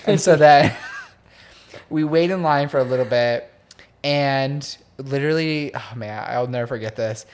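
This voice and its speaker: A young man co-hosting a casual podcast, telling a story with lively energy and acting out his friends' voices. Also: mid-range voice, measured pace, clean tone. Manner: animated storyteller who acts out friends' voices. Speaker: podcast co-host. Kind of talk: casual chat.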